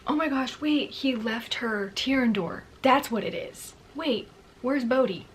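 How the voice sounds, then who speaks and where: A woman vlogging her reaction to a book, gushing and exclaiming, and dropping to a hushed voice when she reads passages aloud. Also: fairly high pitch, unhurried, slight background noise. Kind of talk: excited book reading reaction.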